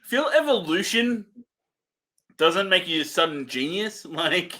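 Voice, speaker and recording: A man co-hosting a movie review in easygoing, casual chat, often breaking into giggles. His voice sits high and swings widely in pitch. It has a bright, forceful ring. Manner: giggly, animated, quick to laugh. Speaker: co-host of a movie review show.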